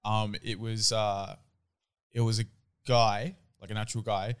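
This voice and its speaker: A man's voice: fairly low pitch, level tone, unhurried, smooth. A man, co-hosting a podcast and telling a story in casual chat with lots of swearing. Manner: swears freely, laughs, acts out voices in stories. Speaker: podcast co-host.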